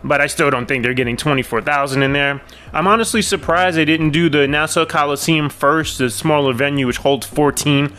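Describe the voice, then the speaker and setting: A man's voice: on the high side, steady tone, fairly quick, bright, forceful tone, slight background noise. A man hosting his own podcast, ranting bluntly and sarcastically, swearing when worked up. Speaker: podcast host.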